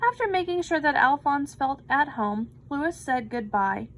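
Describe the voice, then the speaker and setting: A woman reading a children's picture book aloud with slow, expressive delivery. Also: sits high, poor audio. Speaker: storybook reader.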